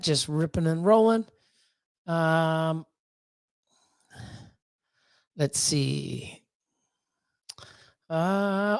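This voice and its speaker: A man's voice: sits high, creaky, no room sound. A man hosting a live stream, greeting chat viewers one by one in a rambling, loose way with lots of fillers. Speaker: livestream host.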